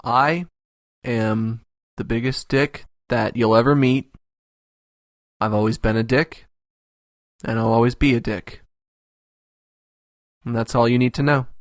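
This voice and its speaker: A man's voice: mid-range voice, fairly even intonation, a little slow, long pauses, dry recording, studio quality, natural voice. A man voicing a crude, abrasive cartoon host who answers fan mail with contempt and constant swearing. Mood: contemptuous. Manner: foul-mouthed, contemptuous, ranting. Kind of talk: animated web comedy sketch.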